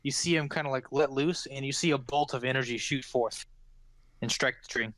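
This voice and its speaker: A man's voice: mid-range voice, fairly quick, a bit bright, dry recording. Male game master, rambling narration full of fillers, close and dry.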